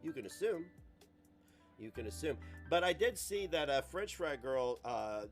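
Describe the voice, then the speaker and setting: A man's voice: a little high, sing-song, a little slow, faint music behind. Rambling, profane man ranting on a stream. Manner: rambling, profane, self-mocking. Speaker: livestream host. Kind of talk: casual livestream rant.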